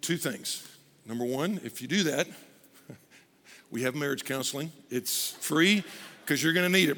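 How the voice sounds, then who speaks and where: Gravelly, bright-voiced pastor preaching. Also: male voice, on the high side, moderate pace, pauses often, long reverb tail. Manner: animated, shouts and acts out voices. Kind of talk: sermon.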